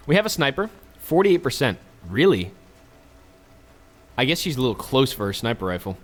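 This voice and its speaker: Male let's-play host, mid-pitched, casual and chatty, cracks jokes to viewers while he plays. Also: very animated, moderate pace, long pauses, faint music behind. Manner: chatty, joking asides to viewers. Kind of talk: casual gameplay commentary.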